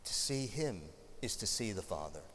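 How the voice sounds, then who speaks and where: A man's voice: fairly low pitch, big pitch swings, moderate pace, a bit bright, long reverb tail. A male preacher giving a sermon, telling stories in a conversational way with light humorous asides.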